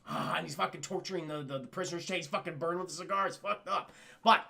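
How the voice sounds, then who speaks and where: A man reviewing a film on a live stream, excitable and profane, acting out characters in quick voices as he recaps scenes for chat. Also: on the high side, vocal fry.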